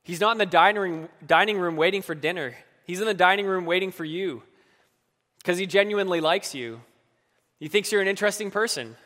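A man delivers a sermon with a fairly high, bright voice and an earnest, personal tone. His words ring out with a long reverb, as in a large hall. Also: a little fast. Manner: earnest, acts out quoted pleas with rising emotion. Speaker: preacher.

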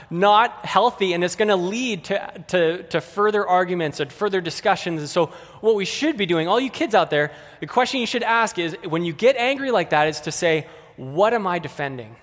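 A man's voice: sits high, a bit bright, in a large hall. A man preaching a sermon in a conversational way, speaking directly to the kids and the adults in the congregation.

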